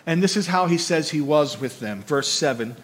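A man preaching a conversational sermon, animated and often checking in with his listeners by asking "right?", repeating words as he builds his points. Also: fairly high pitch, normal speed. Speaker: pastor.

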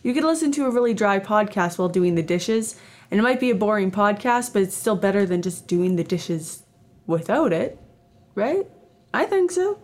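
A woman's voice: medium pitch, expressive, moderate pace, a little mellow. A woman in her twenties from Canada, hosting a casual solo podcast, chatty and rambling with lots of fillers and self-deprecating asides. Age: 20s. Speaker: podcast host.

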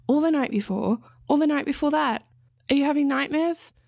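A woman's voice: high-pitched, brisk, vocal fry, darkish tone, no room sound, studio quality, pitched above the performer's own voice. A woman voicing a worried, affectionate woman who teaches, speaking earnestly with concern.

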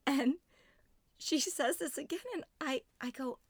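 A middle-aged woman co-hosting a podcast, telling a funny story in an animated way and laughing often. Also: sits high, unhurried, no room sound. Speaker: podcast co-host. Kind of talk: casual storytelling chat.

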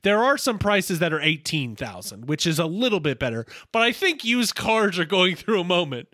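Man, podcast co-host, casual recap, chatty asides, high voice, very bright tone. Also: very animated, moderate pace. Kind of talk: casual chat recapping a TV episode.

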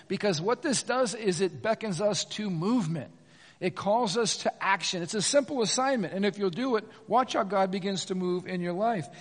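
A middle-aged man, a pastor, preaching a sermon in a church sanctuary in a lively, conversational way, with frequent asides to the congregation. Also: sits high. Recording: long reverb of a church hall.

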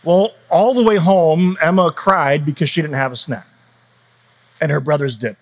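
A man's voice: fairly high pitch, moderate pace. A man in his thirties preaching in a church, telling stories in a loose, conversational way with laughs and asides. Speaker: pastor. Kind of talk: sermon.

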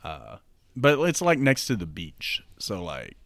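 A man's voice: sits low, huge pitch swings, measured pace, a bit bright, no room sound. A man in casual chat, rambling through a made-up movie plot and filling it with "like" and "you know".

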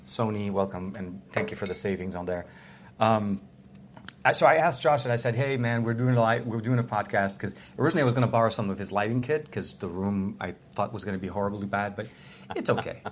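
Low-voiced man rambling on a podcast. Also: a little fast, a little hiss or hum. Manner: rambling, restarts often, many "um"s. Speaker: podcast co-host. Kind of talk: casual tech podcast chat. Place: small hotel room.

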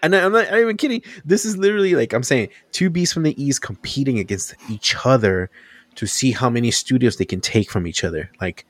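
Young man, casual chat, lively storyteller, dry close sound. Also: medium pitch, quick pace, dry recording. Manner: animated storytelling, acts out quotes.

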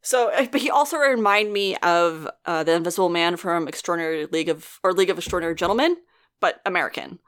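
Woman podcaster rambling through an episode recap, lowish voice, laughs a lot and swears. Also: fast, clear, resonant tone. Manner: chatty, laughs often, swears freely. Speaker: podcast co-host.

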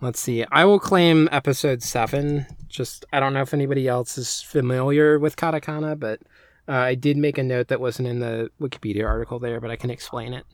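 Male podcast host, casual and hesitant, mid pitch, dry close mic. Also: steady tone, a little fast, dry recording. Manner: hesitant, lots of ums. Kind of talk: casual chat.

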